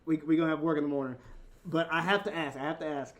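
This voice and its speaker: A man's voice: on the high side, steady tone, fast talker. A man hosting his stream, talking playfully with a guest and reading chat, often stumbling over his words. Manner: playful, stammering restarts. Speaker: streamer host.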